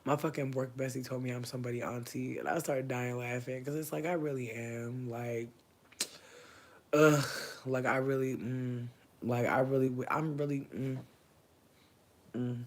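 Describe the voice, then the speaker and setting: A man in his thirties chatting casually on a livestream, slangy and profane, swinging from loud bursts to low murmurs. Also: fairly even intonation, normal speed, slight background noise.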